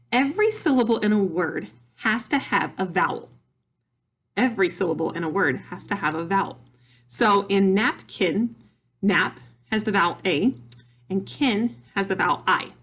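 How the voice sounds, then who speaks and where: A woman teaching a phonics lesson to young children, speaking patiently and deliberately as she sounds out words and syllables. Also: mid-range voice, slightly rough.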